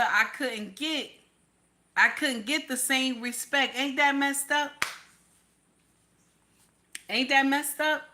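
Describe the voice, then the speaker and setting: A woman's voice: high-pitched, bright, forceful tone. A woman host ranting in casual commentary, blunt and profane, repeating her lines for emphasis.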